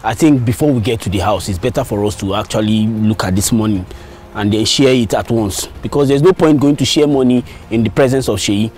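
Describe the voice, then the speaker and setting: A man's voice: on the low side, a little fast, darkish tone, a little hiss or hum, natural voice. An actor playing an aggrieved young man who insists on his fair share. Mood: insistent. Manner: pleading, insistent. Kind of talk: film comedy acting.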